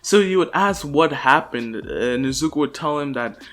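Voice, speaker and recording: A man's voice: on the high side, animated, moderate pace, fairly bright tone, faint music behind. Rambling young man telling a story. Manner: rambling, full of fillers and restarts. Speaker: channel host. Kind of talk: casual improvised storytelling.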